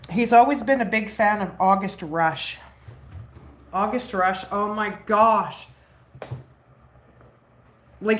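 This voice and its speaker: A woman's voice: mid-range voice, a little hiss or hum. A woman vlogger with a stuffy nose, rambling casually about her son while making bread dough at home. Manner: rambling, chatty, warm toward her son, many "like"s. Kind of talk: casual chat while cooking. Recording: roomy echo.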